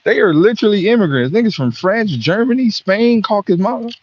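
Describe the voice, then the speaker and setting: Man, comic rant, lively swooping voice, profane, dull lo-fi sound. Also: high voice, fairly quick. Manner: animated, profane, exclaims "oh God". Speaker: comedian. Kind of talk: comedic monologue.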